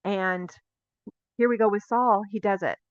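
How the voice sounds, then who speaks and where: A woman's voice: mid-range voice, fairly even intonation, measured pace, no echo, dull audio. Woman giving a chatty sermon. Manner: conversational, confessional, asks the audience questions. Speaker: teacher of a Messianic Bible teaching. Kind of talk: casual sermon teaching.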